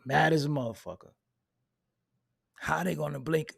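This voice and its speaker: A man hosting a hip hop commentary channel, delivering a loud, profane, unfiltered rant and laughing at his own points. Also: a little high, normal speed, gravelly, slightly rough. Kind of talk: unfiltered ranting monologue.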